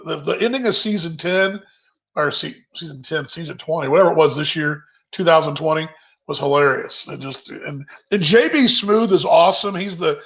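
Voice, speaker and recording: Hosting a relaxed virtual happy hour on a video call from his home kitchen, a man rambles and reads out what viewers comment. His voice is on the high side and a bit bright, coming through dull, lo-fi audio.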